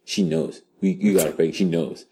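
A man running an improvised storytelling game as game master, crude, profane and animated. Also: low-pitched, brisk, gravelly, a little hiss or hum.

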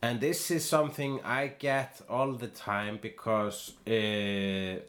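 A man's voice: on the low side, fairly even intonation, slow pace, a bit bright. A man from Iceland co-hosting a podcast, chatting casually with a lot of hesitation and restarts. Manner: hesitant, many fillers and restarts. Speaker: podcast co-host. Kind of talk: casual chat.

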